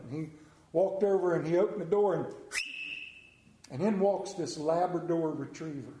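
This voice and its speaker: Folksy preacher in an echoey church. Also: male voice, on the high side, moderate pace, long pauses, mellow, a little hiss or hum. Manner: folksy storyteller, drawling humor. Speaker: pastor. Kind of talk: sermon with jokes and scripture reading. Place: church sanctuary.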